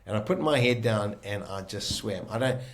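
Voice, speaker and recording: A middle-aged man from South Africa, recounting a personal ordeal in a vivid, animated conversational way with frequent restarts. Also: lowish voice, normal speed. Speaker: guest telling his story. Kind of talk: conversational storytelling.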